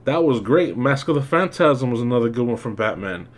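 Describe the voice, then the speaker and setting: A man's voice: mid-range voice, lively intonation, a little fast. A man giving a casual spoken movie review as host, ranting and exasperated, with lots of fillers and swearing.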